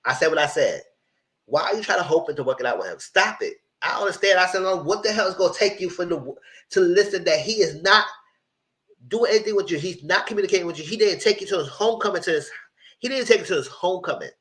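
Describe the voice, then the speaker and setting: A man with a somewhat high voice recaps a reality show live in a loose, casual style. He rants with exasperation, talks back to the people on screen and swears without holding back. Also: lively intonation, fast talker, fairly bright tone. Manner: exasperated, ranting, blunt with swearing.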